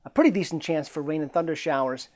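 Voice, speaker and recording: A man presenting a local weather forecast in a chatty, jokey way with lively swings in emphasis. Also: fast talker. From Central New York. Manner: chatty, jokey, energetic delivery with pitch swings. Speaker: meteorologist.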